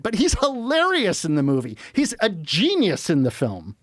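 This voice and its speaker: A middle-aged man talking casually as a podcast guest, telling animated, rambling stories full of quoted asides. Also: high-pitched, normal speed, no room sound, clean studio sound. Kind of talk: casual chat.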